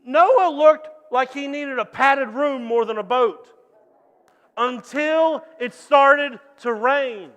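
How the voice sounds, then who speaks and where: High-voiced animated male pastor. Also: takes it slowly, long reverb tail, dull audio. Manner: animated storytelling with acted-out voices. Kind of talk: sermon.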